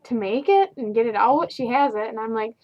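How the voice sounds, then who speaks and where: A high-pitched young woman rants casually about her customers. She talks in a sarcastic, exasperated, filler-heavy way, recorded on a dull, lo-fi home video. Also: expressive, a little fast. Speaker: fast food worker. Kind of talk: casual vlog rant.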